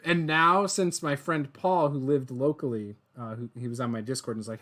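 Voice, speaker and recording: A man hosting a gaming interview show, telling stories in an excitable, rambling way. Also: mid-range voice, moderate pace, few pauses. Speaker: podcast host. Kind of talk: casual interview chat.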